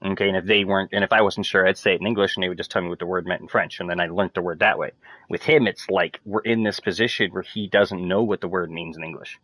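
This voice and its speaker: Man, casual gaming chat, rambling, swears, fillers, lowish voice, dry close sound. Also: steady tone, quick pace, a bit bright, no echo. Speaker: gamer streaming to friends.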